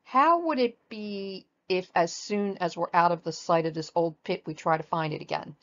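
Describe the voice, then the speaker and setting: Read by a woman, a soft, mild bear of very little brain, slow and agreeable. Low-pitched, heard on a dull, lo-fi recording. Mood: musing. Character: gentle, simple male bear, slow and agreeable. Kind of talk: storybook read-aloud.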